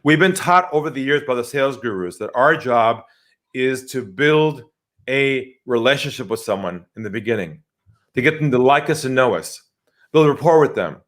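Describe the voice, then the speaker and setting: A man speaking as a sales expert guest in a podcast interview, animated and emphatic. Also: mid-range voice, normal speed. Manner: animated, acts out quoted voices, emphatic.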